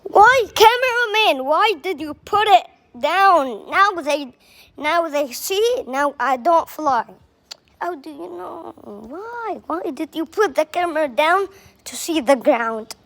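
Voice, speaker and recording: Woman, excitable toy-play narration, lively swooping voice, unhurried. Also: sits high. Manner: excitable, exclaiming, drawn-out words. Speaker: video maker playing with toys.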